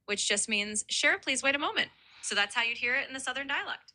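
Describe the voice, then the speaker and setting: A woman's voice: fairly high pitch, expressive, moderate pace, pushed and bright. A synthetic female voice assistant, upbeat and helpful, explaining things in a chatty tutoring style.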